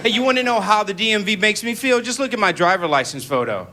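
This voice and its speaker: A man playing a comic correspondent, delivering a scripted news report in a dry, deadpan way. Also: high-pitched, fast talker. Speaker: comedy correspondent. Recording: studio audience laughter and loud noise behind.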